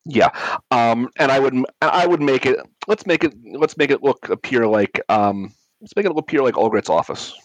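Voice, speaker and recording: A man's voice: mid-range voice, lively intonation, normal speed, no room sound, dull audio. A man playing in a tabletop game, casually explaining a spell in a rambling way, with many restarts.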